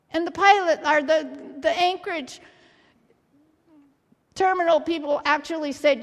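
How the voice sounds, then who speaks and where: A woman preaching a sermon as a story, acting out the quoted voices and building to loud exhortation. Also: high voice, unhurried, pauses often. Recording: long hall reverb.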